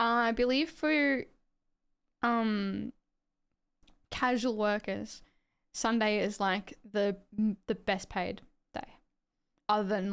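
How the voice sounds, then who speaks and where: A woman's voice: mid-range voice, smooth. An Australian woman streaming live, chatting casually and rambling as she reacts to her chat and swears freely.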